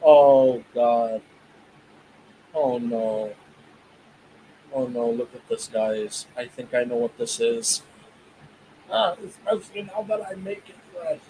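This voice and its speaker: A man's voice: medium pitch, wildly swooping pitch, a little mellow, slight background noise, rough recording. A man hosting a reaction video, laughing often and groaning at the cooking. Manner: laughs a lot, drawn-out dismayed remarks. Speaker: channel host reacting. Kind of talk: casual reaction commentary.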